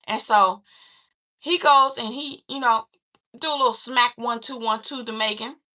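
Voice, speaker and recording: Lady talking through a movie plot, bright tense voice, kinda high, lots of um and you know. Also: unhurried. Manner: animated retelling with many fillers and restarts. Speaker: movie reviewer. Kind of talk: casual movie recap.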